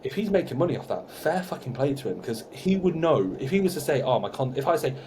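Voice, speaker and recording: A man's voice: fairly high pitch, quick pace. Chatty young man, light hiss. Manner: chatty, swearing, animated storytelling. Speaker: podcast co-host. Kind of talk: casual chat.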